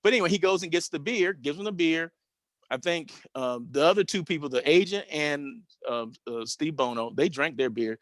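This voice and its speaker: A man in his fifties hosting a show, telling a personal anecdote in a casual, animated way with frequent tag questions. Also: a little high, normal speed, dry recording. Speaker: host.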